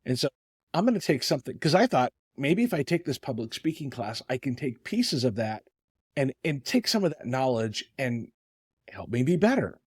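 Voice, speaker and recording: A man's voice: medium pitch, sing-song, normal speed, darkish tone, husky, dry recording. A man in his fifties hosting a podcast, with a mid-range voice. He tells his own anecdotes in an easy, conversational way. The recording is dry and close. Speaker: podcast host. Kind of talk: casual podcast chat.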